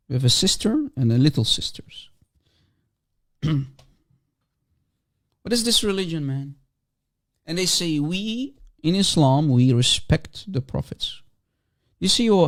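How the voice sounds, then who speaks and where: A man's voice: on the high side, vocal fry. Combative, mocking man hosting a debate. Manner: combative, mocking, repeats himself insistently. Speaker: debate livestream host. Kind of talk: heated online debate.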